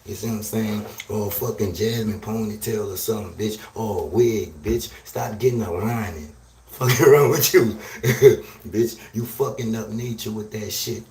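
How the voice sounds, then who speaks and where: A man hosting a live stream, delivering a loud, crude, rambling rant and checking in with "you hear me?". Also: lowish voice, steady tone, moderate pace, hardly any pauses. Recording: roomy echo, distant from mic, faint noise.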